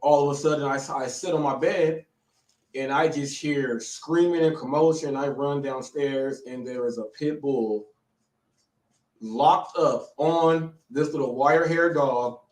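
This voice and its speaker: A man's voice: mid-range voice, a little slow, darkish tone. An American man hosting a live show, shaken and out of breath, repeating himself and stumbling over restarts as he tells what just happened. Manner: breathless, repetitive, stammering restarts. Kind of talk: excited live-stream storytelling. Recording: echoey room, distant mic.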